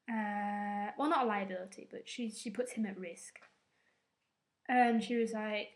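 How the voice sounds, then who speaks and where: A woman's voice: medium pitch, fairly even intonation, measured pace. A young woman rambling through a casual recap to camera, with loose fillers and a bit of swearing. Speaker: vlogger.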